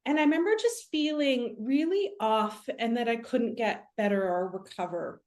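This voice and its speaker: A woman's voice: on the high side, normal speed, a little mellow. A young woman, a medium, telling her own story as an interview guest in an earnest, reflective way with many fillers.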